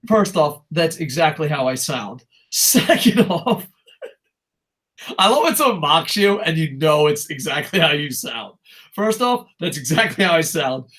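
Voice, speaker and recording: Animated, profane young man ranting. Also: on the high side, moderate pace. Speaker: co-host. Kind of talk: casual podcast chat.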